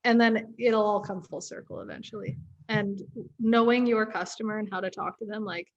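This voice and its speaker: A woman speaking as a guest in a casual interview, relaxed and laid-back, with many fillers. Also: medium pitch, normal speed, muffled recording.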